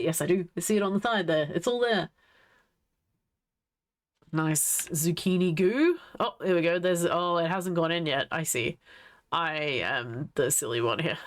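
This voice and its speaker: A woman livestreamer in easy, casual commentary, gushing and giggling as she talks to the screen. Her voice sits a little low, yet it swoops up and down a great deal. She takes her time, letting each thought unhurriedly stretch out. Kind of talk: casual live-stream commentary.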